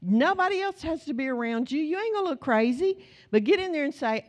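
A middle-aged American woman preaching to her congregation in a fairly high voice. She talks like she's telling stories to friends, then presses her points with slow, emphatic repetition. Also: expressive. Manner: storytelling, conversational, rising to emphatic repetition. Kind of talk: sermon.

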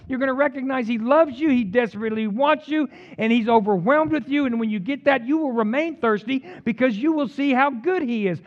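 A pastor preaching to his congregation, his fairly high voice swinging widely from soaring declarations down to low, wry asides. He teases the room with humor as he teaches. The sermon recording sounds dull and lo-fi, muffled in the upper tones. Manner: animated preaching with sudden loud peaks and quiet asides.

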